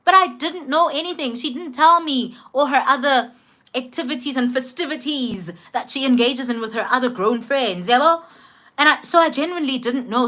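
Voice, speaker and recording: A young woman with a South African accent telling a storytime vlog in an animated, emphatic way. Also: fairly high pitch. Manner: animated, code-switching, emphatic. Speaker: vlogger.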